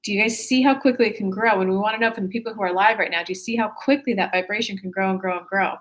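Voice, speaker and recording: Hosting a casual spiritual livestream from her computer, a woman talks to viewers in a chatty, upbeat way, laughing and correcting herself. She races along in a medium-pitched, slightly bright voice with fairly even intonation.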